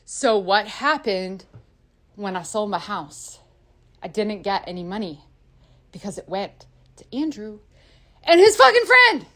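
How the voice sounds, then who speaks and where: A woman musician telling her own story in a confessional monologue, swearing freely and swinging between loud angry bursts and quieter stretches. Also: mid-range voice, unhurried, pauses often.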